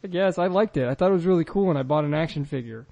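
A man's voice: a little high, animated, very fast, vocal fry, warm tone, dry recording. A man co-hosting a casual comedy podcast, sarcastic and laughing often. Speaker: podcast co-host.

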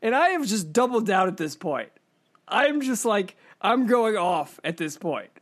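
A woman hosting a podcast, telling a story in casual chat with animated, profane energy. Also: medium pitch, unhurried. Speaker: podcast host.

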